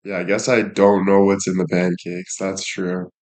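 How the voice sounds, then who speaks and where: A man's voice: low voice, completely flat delivery, moderate pace, darkish tone. A young man chatting casually on a live stream, thanking viewers and joking crudely with plenty of swearing. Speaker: livestreamer.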